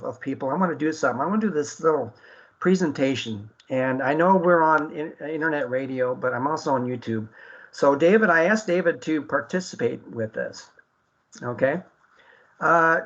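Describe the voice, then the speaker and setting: A man's voice: on the high side, a bit bright, highs cut off. A man hosting an internet radio talk show, speaking earnestly with many fillers and restarts.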